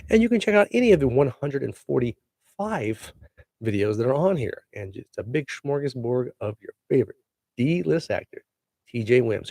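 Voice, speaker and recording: A man's voice: medium pitch, vocal fry, no room sound, studio quality. A man hosting his own show in a casual solo monologue, joking and plugging himself with playful, spelled-out asides. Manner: jokey self-promoting, spells things out, animated bursts. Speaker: podcast host.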